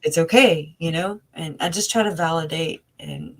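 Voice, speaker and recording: A woman with a fairly low voice talks over a video call as an interview guest. She rambles earnestly and emotionally, circling back with fillers and restarts. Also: wildly swooping pitch, moderate pace, poor audio. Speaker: interview guest, family member of the victims. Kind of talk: casual conversational interview.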